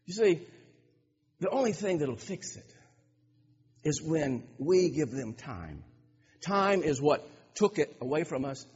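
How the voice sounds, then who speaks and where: Male pastor, sermon delivery, high husky voice, emphatic with stumbling restarts; lo-fi church hall recording. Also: a little mellow. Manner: emphatic, repeats words and restarts phrases. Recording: dull lo-fi recording with long hall reverb.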